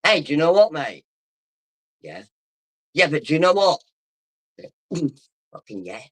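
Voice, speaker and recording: A man's voice: fairly high pitch, sing-song, measured pace, a bit bright, husky, no room sound. A drunk man rambling and swearing as he chats on a livestream and reads out comments. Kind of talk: casual livestream chat, reading comments.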